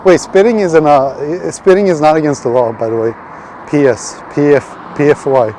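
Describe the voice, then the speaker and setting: A Swedish man with a slightly high, darkish voice live-streams while walking a city street at night, speaking at a normal pace. He rambles, swears, restarts his sentences and reads chat aloud to answer it, with faint street and traffic noise behind him.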